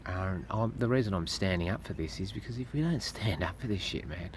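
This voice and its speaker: A man's voice: low-pitched, lively intonation, brisk, noisy background. An Australian man ranting profanely and indignantly to camera as a vlogger. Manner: indignant, swears heavily.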